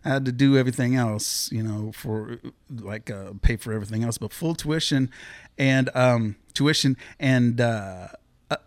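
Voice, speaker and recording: A man's voice: mid-range voice, moderate pace, no room sound. A man from the Pacific Northwest, a guest telling his life story in a rambling, casual way with many fillers. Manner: rambling, lots of fillers, animated when quoting others.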